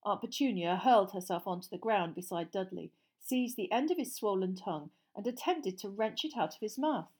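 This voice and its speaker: A woman's voice: medium pitch, animated, a little fast, hardly any pauses, a little mellow. Woman reading a storybook aloud. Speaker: audiobook narrator.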